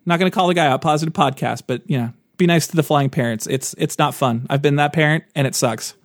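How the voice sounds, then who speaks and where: Jokey, animated male podcast co-host. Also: on the high side, no echo, clean studio sound. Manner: jokey, animated, quick asides. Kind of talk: casual chat.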